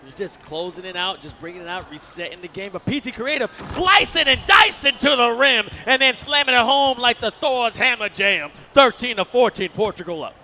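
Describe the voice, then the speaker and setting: A man giving live video game basketball commentary, excitable and full of colorful quips, often bursting into shouts. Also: very high voice, normal speed, hardly any pauses, slight background noise. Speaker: esports commentator.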